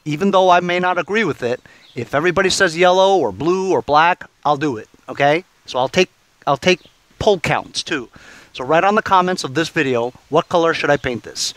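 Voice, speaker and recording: A man hosting his own repair vlog, chatting casually and thinking out loud as he works, with plenty of fillers and restarts. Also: a little high, no room sound. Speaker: channel host. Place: garage workshop.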